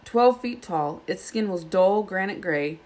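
A woman reading a children's novel aloud, with steady, plain narration. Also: mid-range voice, a little slow. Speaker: storybook reader.

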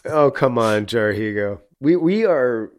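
A man co-hosting a movie review podcast, talking in an animated way, often laughing and saying "like" a lot. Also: medium pitch, a little slow. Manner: animated, laughing, heavy use of "like". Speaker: podcast co-host. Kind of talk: casual movie review chat.

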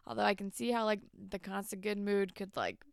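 Creaky, smooth-voiced woman podcaster. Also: mid-range voice, fairly quick, no room sound, clean studio sound. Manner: animated, acts out characters' lines while retelling. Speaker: podcast co-host. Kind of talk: casual recap chat.

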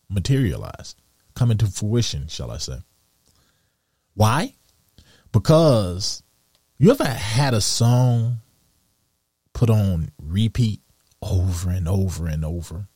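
Man, podcast host, deep low voice, mellow tone, slow musing delivery, soft laughs. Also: no echo, clean studio sound. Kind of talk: reflective solo podcast monologue.

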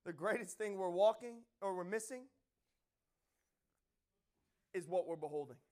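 A man preaching a sermon with passion, repeating phrases and building to loud emphatic peaks. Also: high voice, moderate pace.

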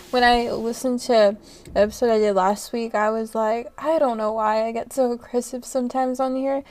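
A young woman talks straight into her podcast microphone in a loose, rambling solo chat. Her voice sits a little high, and she peppers her talk with "like," casual swearing and quick laughs. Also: steady tone, a little mellow. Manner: chatty, swears casually, laughs often, many fillers. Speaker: podcast host.

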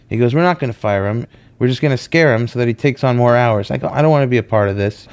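Animated male storyteller. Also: medium pitch, fast, clean tone. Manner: animated, acts out quoted voices. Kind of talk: personal storytelling.

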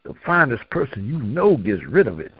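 A man's voice: mid-range voice, sing-song, normal speed, slightly rough, no echo, muffled recording. A man co-hosting a poetry show, delivering a comic spoken-word poem in a rhythmic, rhyming way and then chatting casually. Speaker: co-host and poet.

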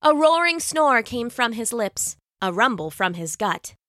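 A woman narrating a rhyming children's story in an expressive, sing-song way. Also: fairly high pitch, measured pace, no room sound, clean studio sound.

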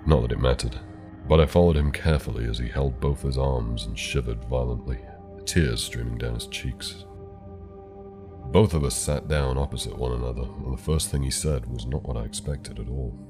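A man narrating a horror story in a calm, measured way. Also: a bass voice. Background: soft background music.

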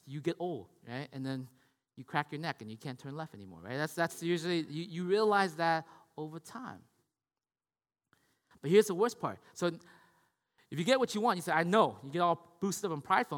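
Animated male pastor in a reverberant hall. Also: on the high side, a little fast. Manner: animated, repetitive, acts out quoted voices. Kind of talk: sermon.

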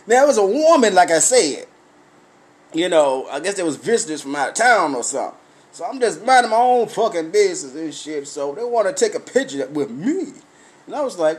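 A man's voice: sits high, very animated, moderate pace. A middle-aged man hosting his own podcast, telling profane stories in a raw, casual monologue while drinking. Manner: profane storytelling, loud cackling laughs. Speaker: podcast host.

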